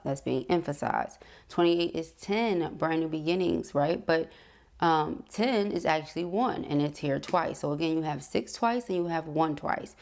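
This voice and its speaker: A woman reads tarot cards in a relaxed, conversational way, reassuring the listener and calling them beloved and honey. Her voice sits low, with a gravelly, fry-tinged texture. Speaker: tarot reader. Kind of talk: casual tarot reading.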